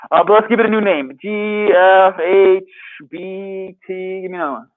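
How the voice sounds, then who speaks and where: A man's voice: sits high, steady tone, normal speed. Upbeat man teaching math on a tinny recording. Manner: upbeat, quizzing students. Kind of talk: classroom lecture. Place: classroom. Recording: tinny phone-like lecture capture.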